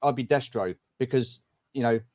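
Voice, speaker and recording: A man's voice: medium pitch, normal speed, darkish tone, no echo, clean studio sound. A man from the United Kingdom hosting a video-call livestream, jokey and playful, with frequent stammering restarts. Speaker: livestream host. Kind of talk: livestream discussion.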